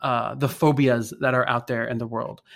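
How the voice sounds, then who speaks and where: A man speaks in a middle-pitched voice, thinking aloud about faith and identity. He pauses often and restarts his sentences as he searches for words. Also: flat delivery, vocal fry. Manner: thoughtful, hesitant, many fillers and restarts. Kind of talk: reflective faith conversation.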